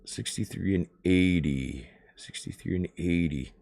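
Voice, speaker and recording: A man, chatting on a live stream in an excitable, rambling way and swearing often. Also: sits low, unhurried, creaky. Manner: animated, excitable ranting with swearing.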